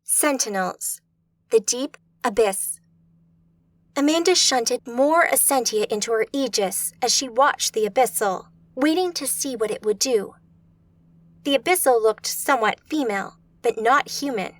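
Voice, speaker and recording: A woman narrating a fantasy audiobook in a steady, measured storytelling manner. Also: fairly high pitch, no echo.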